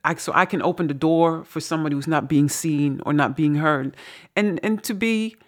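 A woman co-hosting a podcast, telling stories in an animated way, acting out quotes and laughing often. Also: sits low, moderate pace. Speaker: podcast co-host. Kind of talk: casual podcast conversation.

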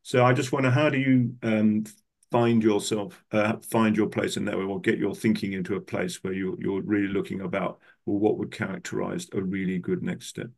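A man's voice: on the low side, flat delivery, moderate pace, vocal fry, darkish tone. An older man hosting a podcast, asking long, rambling questions and searching for his words. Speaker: podcast host, coach. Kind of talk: conversational interview questions.

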